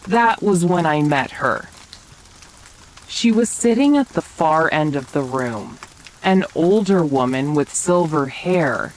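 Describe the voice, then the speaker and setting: A woman telling a romantic bedtime story in a soft, whispered role-play. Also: low-pitched, slight background noise, poor audio. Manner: slow, soft bedtime narration. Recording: faint rain sounds behind.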